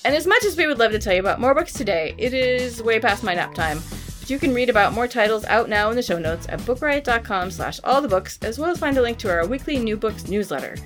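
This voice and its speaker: A woman's voice: on the high side, expressive, fast, soft background music. A woman co-hosting a book podcast in a casual, enthusiastic chat. She peppers her talk with "like" and sounds a little under the weather. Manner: chatty, enthusiastic, fillers like "like". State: sick. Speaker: podcast co-host.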